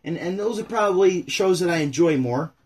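A man from upstate New York hosts his own livestream, talking bluntly and casually with viewers. His voice is husky and sits fairly high, and he rants with easy, chatty directness. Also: lively intonation, a little fast, a little mellow. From Syracuse, New York. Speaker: channel host.

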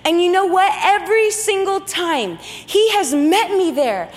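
A woman's voice: very high-pitched, animated, unhurried. A woman preaching a sermon, telling a personal story and driving points home through emphatic repetition to an audience in a large hall.

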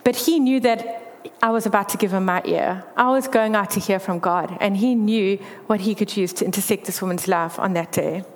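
A woman's voice: medium pitch, fairly quick, a little hiss or hum. A woman giving a candid faith testimony, telling her story earnestly. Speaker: speaker sharing a faith testimony. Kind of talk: personal testimony talk. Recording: long hall reverb.

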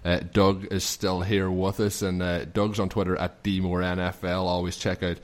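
A man hosting a podcast, talking in a measured, analytical way. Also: low voice, little pitch movement. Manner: measured, analytical, explains at length. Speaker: podcast host. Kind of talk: casual podcast chat.

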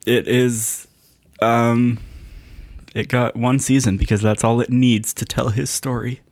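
A man's voice: mid-range voice, level tone, a little slow, darkish tone. Dude bluffing his way thru a quiz, making up dumb plots like it's serious. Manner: playful, makes up absurd answers with a straight face. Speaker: podcast co-host guessing show plots. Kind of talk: casual chat.

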